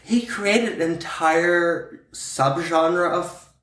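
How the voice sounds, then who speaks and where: A man's voice: fairly high pitch, drawn-out words, fairly bright tone. A man from Pittsburgh co-hosting a podcast in a casual, playful chat full of ums and likes. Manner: playful, fillers like um and like. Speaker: podcast co-host. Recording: echoey room.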